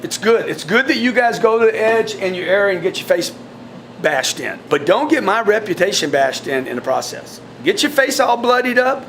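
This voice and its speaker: A man coaching his sales team in a blunt, forceful way, often repeating words. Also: high-pitched, big pitch swings, normal speed, slight background noise. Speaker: sales trainer.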